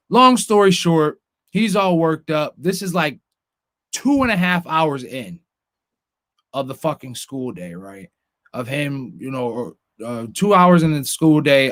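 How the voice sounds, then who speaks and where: A man's voice: on the high side, fairly bright tone, dry recording, clean studio sound. A young man hosting a podcast, telling a long story as a profane, ranting storyteller in casual chat. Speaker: podcast host.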